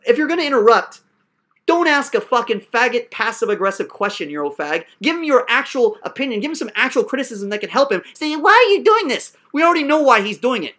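A woman's voice: a little high, lively intonation, fast, fairly bright tone. A woman hosting a heated online call, berating and sarcastic, with profane outbursts. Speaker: host of an online coaching class.

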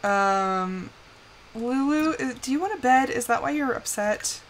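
In this casual live-stream commentary, a young woman plays a life-simulation game, speaking in a high-pitched, expressive voice at a measured pace. She chats easily, laughs a lot, and addresses the on-screen characters.

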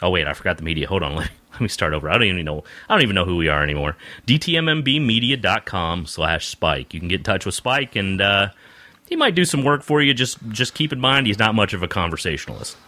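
A man's voice: low-pitched, fast, dry recording. A man hosting a podcast, chatting casually and cracking jokes about the news. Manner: playful, wisecracking, lively. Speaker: podcast host. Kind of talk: casual joking news chat.

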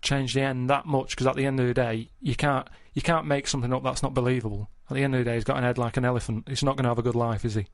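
A middle-aged man talks in a flat, deadpan manner, wandering through his stories at an unhurried pace. The recording is close and dry, with no room sound around his voice. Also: mid-range voice, dry recording. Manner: deadpan, rambling storyteller. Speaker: podcast regular. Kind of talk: casual chat.

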